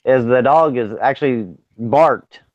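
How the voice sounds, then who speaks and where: A man's voice: medium pitch, unhurried, no echo. A man chatting casually on a podcast, telling rambling, profane stories. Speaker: podcast co-host. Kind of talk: casual chat. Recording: dry, dull lo-fi sound.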